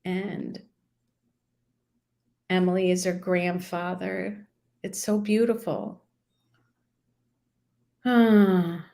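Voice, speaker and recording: A woman's voice: fairly low pitch, little pitch movement, slow pace, creaky, long pauses, warm tone. A woman doing a live angel card reading, speaking to her viewers in a soothing, affirming way. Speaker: intuitive card reader.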